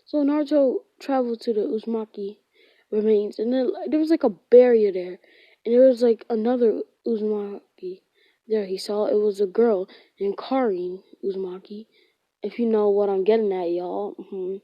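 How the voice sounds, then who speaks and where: A woman's voice: mid-range voice, steady tone, normal speed, no room sound. A woman casually retelling a fan-fiction story, rambling, with lots of filler words and frequent self-corrections. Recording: dull lo-fi.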